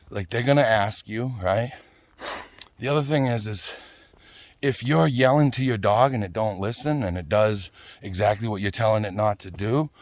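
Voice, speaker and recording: A man's voice: on the low side, no room sound. A man ranting casually, blunt and swearing, often tagging "right?" and "you know?". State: out of breath at times. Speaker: vlogger.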